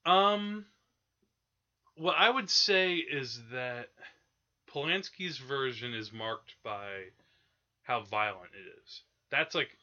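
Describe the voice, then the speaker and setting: A man's voice: medium pitch, bright, forceful tone, lo-fi sound. A man hosting a podcast, chatting casually about old films with lots of fillers and restarts. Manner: rambling, many fillers and restarts. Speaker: podcast host. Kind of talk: casual film discussion.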